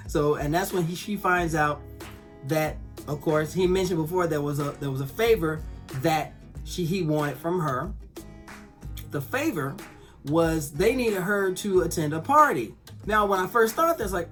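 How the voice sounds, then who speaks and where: Woman, lowish voice, animated casual review, cursing, faint music behind. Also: moderate pace. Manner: animated, swears, acts out characters' lines. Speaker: TV episode reviewer.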